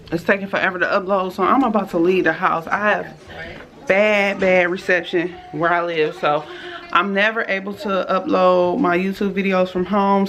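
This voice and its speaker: A woman chats straight into her phone camera, talking to her viewers as y'all about her day. Her pitch sits in an ordinary middle range for a woman, and faint background noise runs under the recording. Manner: chatty, addresses viewers as y'all; switches to soft whispers late at night. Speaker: vlogger. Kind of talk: casual vlog chat. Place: at home and in stores and car.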